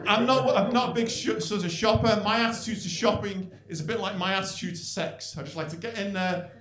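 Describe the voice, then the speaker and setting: A man's voice: high voice, brisk, fairly bright tone. A middle-aged man from St Helens with a Northern English accent, doing a dry, rambling stand-up set in a comedy club. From North West England. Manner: dry, self-deprecating, rambling delivery with frequent "really" tags. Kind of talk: live stand-up routine. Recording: echoey club with audience. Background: audience laughter.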